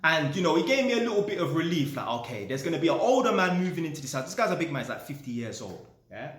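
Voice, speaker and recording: A man tells a story in a lively, casual way, his voice rising and falling a lot. He swears freely and keeps checking in with "yeah?". The sound carries a roomy echo. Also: fairly high pitch, quick pace. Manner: animated, swears, tags lines with "yeah?". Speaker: vlogger.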